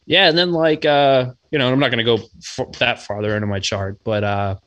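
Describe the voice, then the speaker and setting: A man's voice: mid-range voice, fairly even intonation, a little fast, a bit bright. A man from Massachusetts, a guest on a podcast, chatting casually in a laid-back, rambling way with plenty of swearing and fillers. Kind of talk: casual chat.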